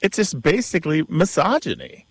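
Gravelly-voiced man explaining on radio. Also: a little high, wildly swooping pitch, normal speed, dry recording. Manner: knowledgeable, explanatory, with restarts. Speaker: radio show co-host. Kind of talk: call-in radio chat. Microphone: studio mic.

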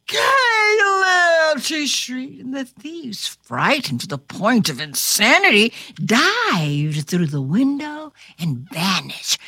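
A woman's voice: sits high, fairly bright tone, dry recording, studio quality. A woman reading a storybook aloud to a listener in a dramatic, theatrical way, dropping into whispers and bursting into exclamations. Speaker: storybook reader.

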